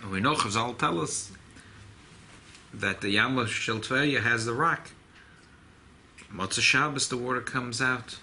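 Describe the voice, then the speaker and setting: Gravelly rabbi telling a story in class. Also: male voice, mid-range voice, a little slow, long pauses, slight background noise. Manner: animated storyteller, mixing Hebrew and Yiddish terms. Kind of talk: informal Torah class with storytelling.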